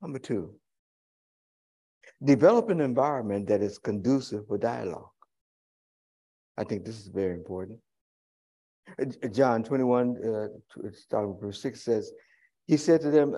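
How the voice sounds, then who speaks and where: A male pastor delivering a sermon in a dark, mellow voice. He talks to the congregation in a folksy, chatty way, drifting into humorous asides and plain everyday comparisons. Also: mid-range voice, lively intonation, moderate pace, long pauses.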